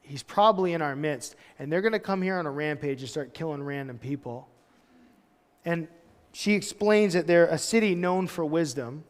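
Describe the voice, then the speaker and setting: Man in his thirties, pastor, chatty storytelling sermon, fairly high voice, long hall echo. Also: animated, moderate pace. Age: 30s. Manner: casual, storytelling, loose with "like" asides. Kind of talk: conversational verse-by-verse sermon. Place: church hall.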